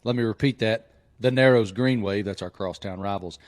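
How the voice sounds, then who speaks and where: A man's voice: lowish voice, moderate pace. Joking man telling a hometown story. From southwest Virginia. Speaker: podcast host. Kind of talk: casual chat.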